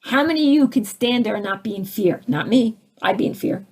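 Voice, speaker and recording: A woman's voice: a little high, expressive, brisk, darkish tone. A woman spiritual teacher answering audience questions, who acts out little scenes with sudden swings in her voice.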